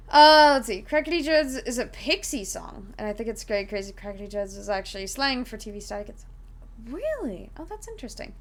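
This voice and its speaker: A woman's voice: a little high, fairly bright tone. A woman streaming live, chatting casually with viewers in a rambling way, giggling and full of fillers while she explains a tabletop game.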